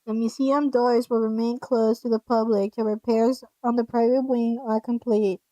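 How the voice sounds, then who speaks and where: Woman doing a radio news anchor, mellow tone, measured delivery, dry sound, fairly high voice. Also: flat delivery, no echo, muffled recording, natural voice. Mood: formal. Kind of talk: mock radio news read.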